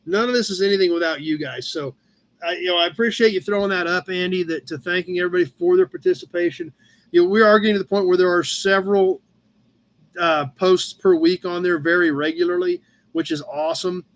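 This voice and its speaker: A man's voice: sits high, fairly quick, fairly bright tone. A man with a Midwestern American accent hosting a live car-hobby chat show, casually rambling through viewer posts with plenty of fillers and calling people by name. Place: home room with a cat nearby.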